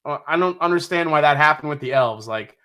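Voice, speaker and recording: A man's voice: on the high side, a little fast, pushed and bright. A man from New York hosting a casual live stream, reading out viewer comments, joking, swearing casually and laughing often. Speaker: livestream host.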